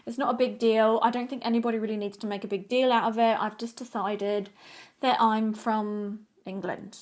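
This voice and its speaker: A woman's voice: fairly high pitch, little pitch movement, normal speed, darkish tone. A young woman in a chatty, playful get-ready-with-me video who drifts off topic as she talks through her makeup. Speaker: beauty vlogger. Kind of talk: casual get-ready-with-me chat.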